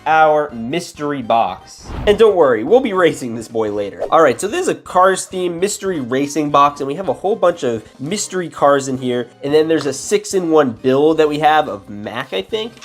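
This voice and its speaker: A man hosting a casual unboxing and build-along, chatty and excitable, often trailing into mumbled asides. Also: on the high side, normal speed, hardly any pauses. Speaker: LEGO unboxing host.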